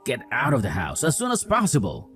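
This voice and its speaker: A woman's voice: extremely low pitch, huge pitch swings, a little fast, soft background music, exaggerated voice. A woman voicing a hot-tempered husband who scolds. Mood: scolding, accusing. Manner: accusing, scolding. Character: angry young husband, mother-loyal, hot-tempered. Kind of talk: dramatized story dialogue.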